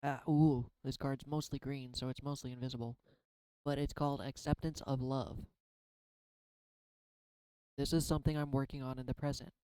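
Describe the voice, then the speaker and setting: A man's voice: mid-range voice, little pitch movement, moderate pace, long pauses, warm tone, clean tone, no echo, poor audio. A man rambling through a spiritual card reading in a casual, confessional vlog, often self-deprecating. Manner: tearful at times. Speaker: tarot card reader.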